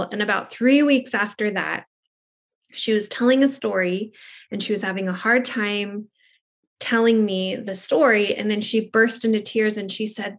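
A woman hosting a podcast, telling a story from her own work in a casual way, often fading softly at the ends of her thoughts. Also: medium pitch.

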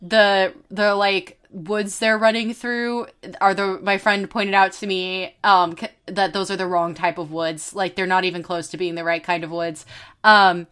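A woman co-hosting a podcast, telling stories in an animated, sweary way with lots of fillers. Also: mid-range voice, unhurried, clear, resonant tone. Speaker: podcast co-host. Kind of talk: casual chat.

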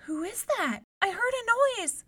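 A woman's voice: expressive, unhurried, bright, forceful tone, distant mic, heavily acted. A woman voicing a timid, frightened young princess. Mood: alarmed. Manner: high frightened cries.

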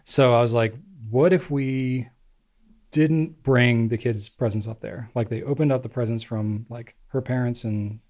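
A man co-hosting a podcast, telling relaxed stories in casual chat with lots of fillers. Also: medium pitch, unhurried. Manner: relaxed storyteller, many fillers. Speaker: podcast co-host.

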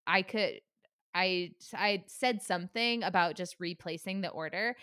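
A woman's voice: lowish voice, a little slow, bright, forceful tone, no room sound, clean studio sound. A young woman in casual chat, animatedly retelling a frustrating story with quoted dialogue, swearing and laughing.

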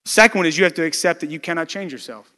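A man's voice: fairly high pitch, animated, very fast, bright, forceful tone, long reverb tail. A man preaching a sermon as pastor, talking in a loose conversational way, telling stories and often restarting his sentences.

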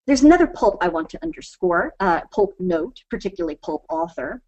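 A woman's voice: fairly low pitch, very animated, a little fast, few pauses, a little mellow, poor audio. A woman giving a lecture, thinking aloud with many fillers and restarts. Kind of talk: lecture talk.

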